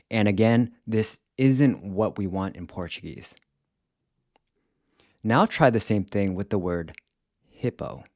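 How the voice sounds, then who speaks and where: A man teaching a language lesson in a scripted, careful way, repeating words slowly to show how they are said. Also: lowish voice, a little mellow, dry recording, studio quality. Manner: slow, careful, demonstrates pronunciation by repeating words.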